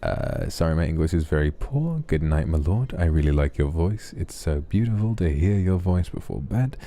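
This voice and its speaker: A man hosting a soft late-night ASMR stream, gently reading viewers' messages aloud and answering them affectionately. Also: extremely low pitch, animated, moderate pace.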